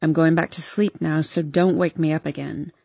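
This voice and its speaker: A woman voicing a moody, brooding young man who speaks in low, curt murmurs in an audiobook. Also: fairly even intonation, moderate pace, creaky, a little mellow, husky, no echo, exaggerated voice. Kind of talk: audiobook character voice.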